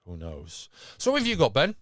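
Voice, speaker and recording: A man's voice: mid-range voice, wildly swooping pitch, fairly quick, no room sound, studio quality. A man hosting a podcast, talking with enthusiasm and rambling through fillers and restarts. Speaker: podcast host. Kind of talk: casual podcast chat.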